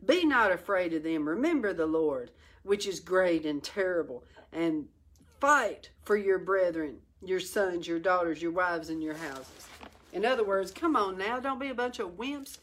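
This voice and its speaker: A woman's voice: lowish voice, measured pace. A middle-aged woman teaching a Bible study, reading scripture and exhorting her listeners with fiery energy. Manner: fiery, exhorting, breaks into laughter and exclamations.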